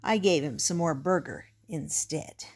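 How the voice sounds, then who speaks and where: An easygoing police officer talks slowly and jokes lightly, read by a woman from a storybook. The delivery is relaxed and unhurried, with a teasing lilt. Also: low-pitched, gravelly, exaggerated voice. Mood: amused. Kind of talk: storybook reading.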